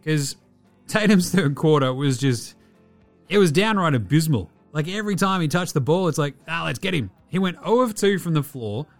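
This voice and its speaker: A man's voice: fairly high pitch, animated, normal speed, soft background music. A man hosting a podcast, giving a casual, profane, rambling basketball recap. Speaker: podcast host.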